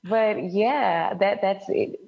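A woman's voice: mid-range voice, slow, creaky, muffled recording, noisy background. A woman from Brazil speaking as an interview guest, earnest and reflective. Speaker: guest, movement and Reiki facilitator. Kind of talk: casual interview.

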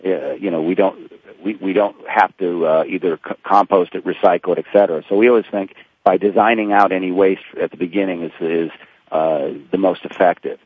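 A man guesting on a radio interview, explaining figures in a halting way with many fillers. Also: sits low, steady tone, husky, dry recording. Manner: halting, lots of fillers and restarts, factual. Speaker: corporate sustainability guest. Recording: tinny phone line.

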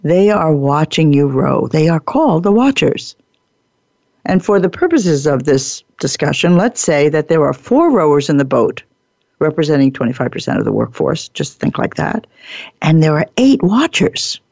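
A woman podcast host telling a workplace parable in an animated, playful way, laughing often and acting out the characters. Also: low-pitched, normal speed, creaky, no room sound, dull audio. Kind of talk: storytelling lecture.

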